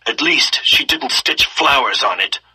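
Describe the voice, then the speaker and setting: A man's voice: mid-range voice, animated, measured pace, bright, forceful tone, husky, exaggerated voice, rough recording. A man reading as a scornful, harsh soldier. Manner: contemptuous, barking.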